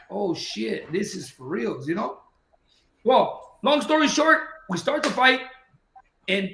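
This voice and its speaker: A man with a bright, high-pitched voice tells a long boxing story in casual talk. He acts out each person's lines as he goes. The room around him is echoey. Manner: animated anecdote-telling, acting out quoted dialogue. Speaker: boxing trainer.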